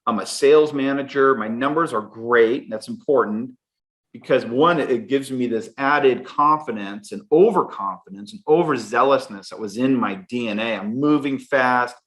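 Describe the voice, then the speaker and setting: A middle-aged man, a podcast guest, telling a candid personal story in an animated way. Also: mid-range voice. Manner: candid, animated, fast bursts. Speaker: podcast guest, sales executive. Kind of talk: storytelling interview answer.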